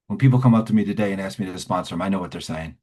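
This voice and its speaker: Husky-voiced New man telling his story. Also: deep voice, racing, dark tone. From New Jersey. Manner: blunt, slangy storyteller who acts out his past self. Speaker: speaker at a recovery meeting. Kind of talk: personal recovery story told to a live meeting.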